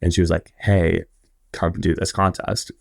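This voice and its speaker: A young man in his twenties with a low voice and a gravelly edge, chatting as a podcast guest. He rambles through his stories, full of fillers and quoted asides. The sound is close and dry. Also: little pitch movement, unhurried, darkish tone, no room sound. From Indiana. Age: 20s. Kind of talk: casual interview storytelling.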